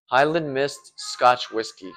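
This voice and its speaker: A man working as a restaurant bartender, casually walking through the bar's bottles one by one in a plain, relaxed way with some ums and uhs. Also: mid-range voice, slow, faint music behind.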